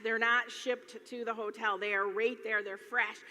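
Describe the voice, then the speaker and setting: A woman from Michigan with a high, bright voice tells loose, giggly stories from a stage, always drifting back with "anyway." Her voice rings in a large hall with long reverb. Faint noise sits under the recording. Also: level tone, normal speed. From Michigan, USA. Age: middle-aged. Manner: rambling, chatty, laughs often, keeps saying "anyway". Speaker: speaker at a business event. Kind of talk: casual storytelling talk to a live audience. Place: large hall before an audience.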